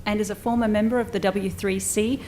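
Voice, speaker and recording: A woman moderating a panel, briskly introducing each speaker with light jokes in a room with an audience. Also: medium pitch, fairly even intonation, dark tone, soft background music.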